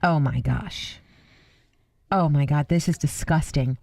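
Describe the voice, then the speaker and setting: A woman's voice: low-pitched, takes it slowly, vocal fry, warm tone, no room sound. A middle-aged woman co-hosting a radio talk show, chatting casually, exclaiming often and telling stories.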